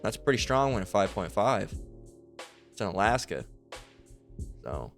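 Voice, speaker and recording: A man's voice: on the low side, very animated, normal speed, vocal fry, soft background music. A man giving informal scripture commentary in a rambling, heated way, full of street slang and swearing. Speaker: online Bible teacher.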